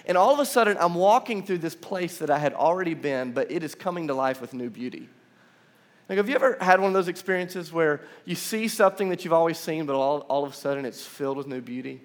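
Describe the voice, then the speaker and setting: A man's voice: a little high, fast talker. A young man preaching a conversational sermon in a large church room, telling stories with casual asides. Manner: animated storytelling, casual asides. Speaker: pastor. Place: large church room with about seven hundred seats.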